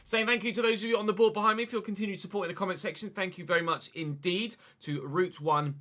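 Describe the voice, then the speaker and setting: A man's voice: high voice, fairly even intonation, fast, sharp tone. A young man commentating his football video game live, chatty and thanking viewers by name between plays. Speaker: gaming streamer.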